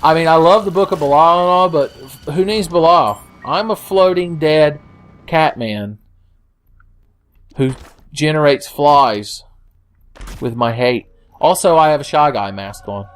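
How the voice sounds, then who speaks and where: A man's voice: on the high side, measured pace, long pauses. A man giving joking, rambling commentary as he plays a video game, cursing freely. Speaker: let's play host. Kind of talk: gameplay commentary.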